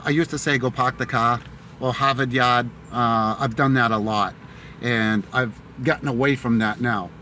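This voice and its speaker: A middle-aged man with a mixed Boston and Tennessee accent chats in a rambling way, full of fillers, while driving through the city on a live stream. His voice sits at an ordinary middle pitch. Faint street and car noise runs underneath. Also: bright, forceful tone. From Massachusetts, Boston area. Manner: rambling, chatty, many fillers.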